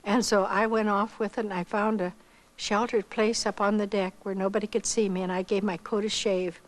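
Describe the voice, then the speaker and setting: An older woman shares a story from her own life. Her voice sits at an ordinary middle pitch, and she talks in an unhurried, folksy way, pausing now and then and hesitating softly as she recalls the details. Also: rough recording. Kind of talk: personal storytelling.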